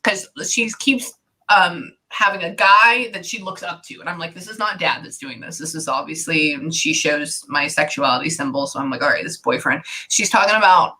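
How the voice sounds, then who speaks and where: A psychic medium gives a reading in a low, husky voice at a moderate pace, captured on a low-quality recording. She talks casually and animatedly, rambling with lots of "like" fillers.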